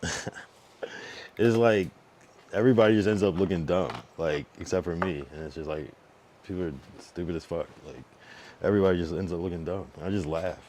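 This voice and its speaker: Low-voiced man ranting on a livestream. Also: quick pace, darkish tone, a little hiss or hum. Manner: blunt, profane, rambling with frequent restarts. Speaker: streamer. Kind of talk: casual livestream monologue.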